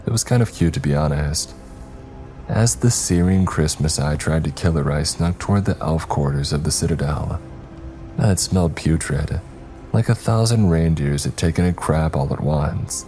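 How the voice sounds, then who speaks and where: A man narrating a scary story in a steady, wry, scripted storytelling manner. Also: a bass voice, normal speed, soft background music.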